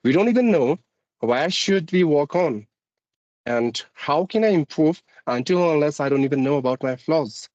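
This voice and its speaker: A man's voice: on the high side, animated, moderate pace, darkish tone, no echo, highs cut off. A man from India, an English teacher, speaking with an Indian accent mixed with American and British tones, polite and formal. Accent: Indian English with a mixed American-British lilt. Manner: polite and formal, often says ma'am. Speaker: guest, English teacher on YouTube. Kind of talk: conversational interview.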